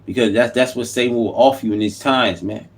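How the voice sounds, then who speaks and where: A man's voice: mid-range voice, fairly quick. Impassioned man preaching a political rant. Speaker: YouTube commentator. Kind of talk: unscripted political monologue.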